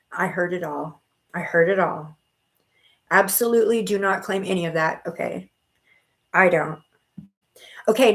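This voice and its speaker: A middle-aged woman hosting a live stream of spiritual readings, chatting casually and reassuring viewers with pet names like honey and sweetheart. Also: mid-range voice. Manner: chatty with frequent restarts and fillers.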